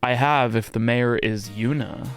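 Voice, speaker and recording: A man's voice: mid-range voice, unhurried, faint music behind. A young man live-streaming, chatting casually with viewers, swearing a lot and mock-scolding his pet.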